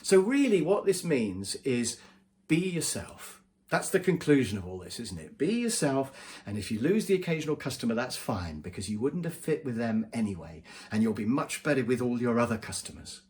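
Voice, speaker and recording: A man's voice: medium pitch, sing-song, brisk, a little mellow. A man, a business trainer, giving advice straight to camera in a conversational way. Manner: conversational, acts out quoted voices. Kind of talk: direct-to-camera advice vlog.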